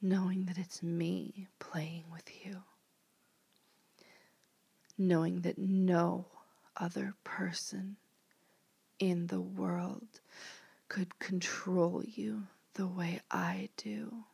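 A woman in a whispered role-play, speaking as a commanding mistress in a slow, hypnotic whisper. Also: on the low side, flat delivery, vocal fry, a little mellow, husky, dry recording.

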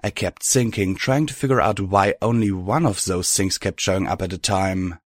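A man with a lower voice reads a first-person story aloud at an even, steady clip. The sound is dry and close with no room around it. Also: moderate pace, no echo. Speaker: narrator. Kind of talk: audiobook reading of fan fiction.

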